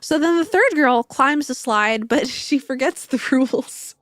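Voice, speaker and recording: A woman's voice: high-pitched, a little slow, fairly bright tone, dry recording, studio quality. A young woman streaming a game, chatting casually, telling jokes, swearing, and breaking into squeals and giggles. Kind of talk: casual gameplay commentary.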